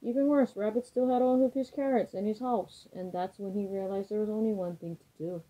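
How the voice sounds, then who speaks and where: A woman reading a children's picture book aloud with expressive, lively storytelling. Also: medium pitch, brisk. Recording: dull lo-fi recording.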